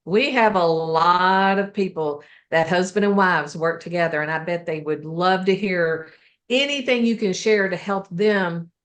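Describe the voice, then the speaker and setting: A woman's voice: lowish voice, a little slow. A woman hosting a podcast interview, laughing along and asking long, winding questions. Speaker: podcast host. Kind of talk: casual interview.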